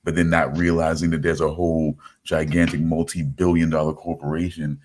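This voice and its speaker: Deep-voiced man in rambling casual chat. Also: little pitch movement, brisk, darkish tone. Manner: rambling, repeats "you know what I'm saying". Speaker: podcast host.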